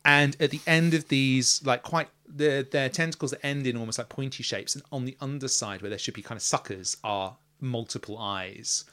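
A man narrating as game master and hosting the podcast, an animated storyteller who acts out sound effects. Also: medium pitch, normal speed, hardly any pauses.

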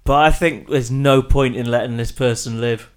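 A man at a tabletop game who keeps pausing and filling the gaps with little words. His voice sits at an average pitch. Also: fairly even intonation. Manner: hesitant, full of fillers. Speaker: player.

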